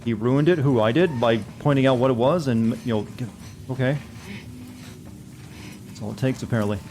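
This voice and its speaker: A man's voice: mid-range voice, normal speed, a little mellow, slight background noise. A man streaming a video game, chatting casually and rambling with self-deprecating jokes. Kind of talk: casual gameplay commentary.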